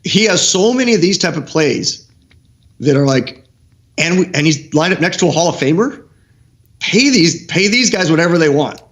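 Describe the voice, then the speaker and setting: A middle-aged male football coach breaking down game film on a live stream show, animated and excitable, often restarting his sentences. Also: a little high, moderate pace. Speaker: football coach, guest analyst.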